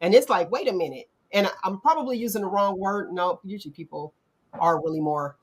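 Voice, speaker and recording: A middle-aged woman hosting a casual talk show, animated and acting out quotes in playful voices. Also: medium pitch, a little fast, slightly rough. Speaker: podcast host. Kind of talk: casual chat.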